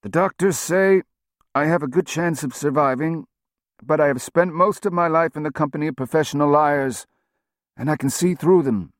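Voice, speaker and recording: Guy putting on a gravelly nasal hurt old president, way higher than his own voice, slow and blunt, audiobook. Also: no echo, studio quality, lightly acted. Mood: grim, defiant. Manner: slow, through clenched teeth, blunt. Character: gravely wounded older male president, defiant.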